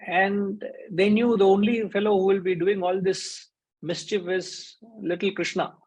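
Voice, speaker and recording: A man's voice: high-pitched, little pitch movement, a little slow, darkish tone, breathy edge, rough recording. A man giving a conversational spiritual discourse as a teacher, briefly acting out the voices in his stories. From India.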